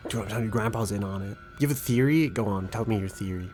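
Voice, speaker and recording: A man's voice: on the low side, quick pace, a little mellow. A young man streaming a game, giving casual, profane, rambling and joking commentary. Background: faint background music.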